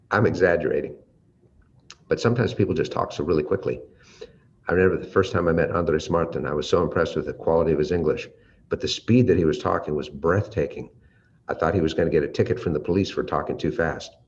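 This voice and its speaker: An American man giving a leadership lesson on using the voice, shifting his volume and pace to demonstrate and stretching out his pauses. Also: low voice. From United States. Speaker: leadership trainer. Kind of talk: teaching talk with vocal demonstrations. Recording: slightly dull audio with faint ambient noise.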